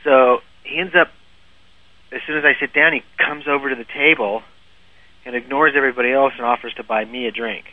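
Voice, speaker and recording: A man's voice: mid-range voice, fairly even intonation, fairly quick, dry recording. A man telling a long funny story in casual podcast chat, laughing often and restarting his sentences. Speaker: guest storyteller. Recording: phone-like lo-fi, dry.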